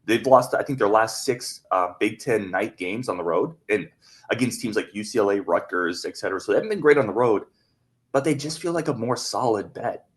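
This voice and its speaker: Low-voiced male sports podcast host. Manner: analytical, measured, weighing arguments.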